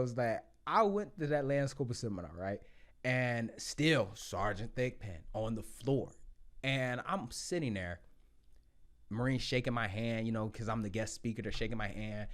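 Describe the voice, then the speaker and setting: A man in his thirties telling his story as a podcast guest, blunt and profane, loud when excited and quiet when reflective. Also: mid-range voice, normal speed. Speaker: podcast guest, Marine sergeant. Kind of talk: casual storytelling.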